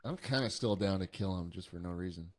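A young man streaming a game and chatting casually with friends, excitable and swearing when surprised. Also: deep voice, a little fast. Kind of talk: casual gaming chat.

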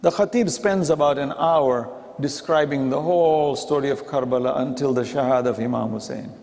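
A man's voice: medium pitch, normal speed, gravelly, darkish tone. A man giving a conversational sermon in a mosque, acting out the quoted dialogue as he goes. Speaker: preacher. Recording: reverberant mosque hall.

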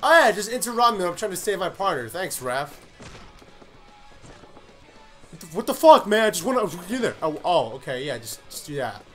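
Frustrated young man yelling at a game. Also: high-pitched, very animated, quick pace, soft background music. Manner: loud, cursing, easily frustrated outbursts. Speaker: gaming commentator. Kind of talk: live gameplay commentary.

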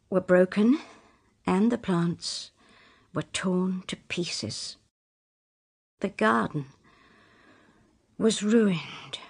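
Slow, clear woman reading a story. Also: medium pitch, darkish tone. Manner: plain, slow and clear reading in short sentences. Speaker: story reader. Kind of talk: scripted storybook narration for English learners.

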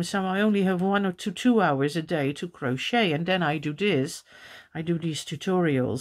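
A Dutch woman with a Dutch accent teaching crochet in a casual tutorial, chatting and counting stitches under her breath. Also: fairly low pitch. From Netherlands.

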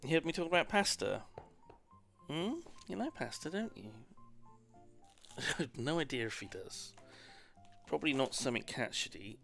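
A man chatting casually and swearing now and then while he plays a game on stream, turning soft and cooing when he talks to his cat. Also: medium pitch, big pitch swings, moderate pace, gravelly, soft background music. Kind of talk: casual gameplay commentary.

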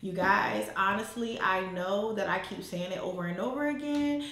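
A woman's voice: medium pitch, expressive, moderate pace, noisy background. A woman vlogger and mother of twins talking casually to her viewers, chatty and emotional. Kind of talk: casual direct-to-camera chat. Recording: echoey room.

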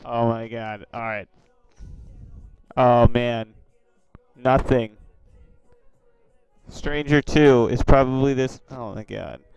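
A man's voice: mid-range voice, steady tone, slow pace, creaky, long pauses, darkish tone, clear, resonant tone, faint music behind, poor audio. A man who makes online videos, giving casual commentary on video chats and reacting to viewers with exclamations and asides. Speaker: YouTuber.

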